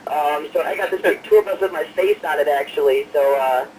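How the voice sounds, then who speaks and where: A man's voice: on the high side, fairly quick, a little mellow, recorded from a distance, slight background noise, low-quality recording. A man calling in as a guest singer, talking easygoing and rambling with fillers. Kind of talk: casual interview over the phone.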